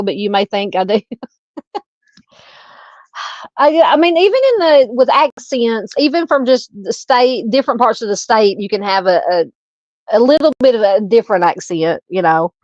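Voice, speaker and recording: A woman from Arkansas speaks with a Southern Arkansas accent at a middling pitch, hosting a true crime live stream. She thinks aloud in a halting, casual way as she reads and answers viewer comments. The sound is dry and close, a little dull and lo-fi. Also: a little mellow, dry recording.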